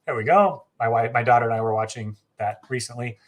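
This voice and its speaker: A travel agency host with a mid-range voice runs a casual travel live stream at a quick pace. He's chatty and enthusiastic, with frequent fillers and self-corrections.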